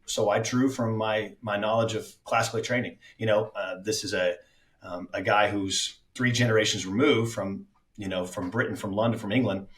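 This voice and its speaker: A man's voice: on the low side, steady tone, normal speed, fairly bright tone, reverberant, far from the mic. A man speaking as an actor guest on a casual podcast, reflective, with many fillers and restarts.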